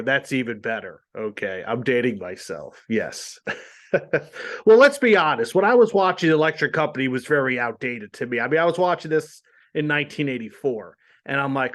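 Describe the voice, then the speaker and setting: A man in his forties hosting a casual podcast at a mid-range pitch. He rambles from one thought to the next and pokes fun at himself as he goes. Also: fairly bright tone. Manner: rambling, self-deprecating, laughs at himself. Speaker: podcast host.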